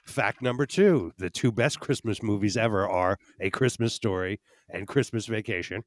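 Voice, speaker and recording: Low-voiced matter-of-fact co-host man. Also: normal speed, dry recording. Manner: matter-of-fact, reads out trivia. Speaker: podcast co-host. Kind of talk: casual podcast banter.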